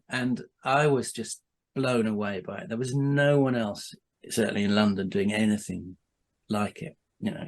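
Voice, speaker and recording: A man, a podcast guest, telling a casual anecdote with frequent restarts, asides and laughter. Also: on the low side.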